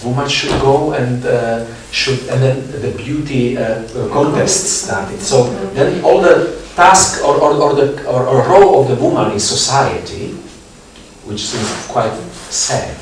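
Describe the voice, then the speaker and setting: A man speaking English as a non-native, presenting research in a panel discussion, halting with many fillers and restarts. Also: medium pitch. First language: not English. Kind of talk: discussion talk. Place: theatre space. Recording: echoey room, distant mic, background noise.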